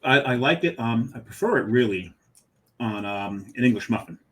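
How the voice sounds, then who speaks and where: A man's voice: mid-range voice, animated, normal speed, a bit bright. A middle-aged man co-hosting a podcast, telling rambling stories with many ums and restarts. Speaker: podcast co-host. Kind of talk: casual storytelling.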